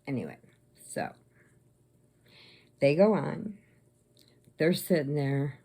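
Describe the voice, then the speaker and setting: A woman casually retelling a movie plot, chatty, slipping into quick voices for the characters. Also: deep voice, expressive, warm tone. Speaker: crochet vlogger.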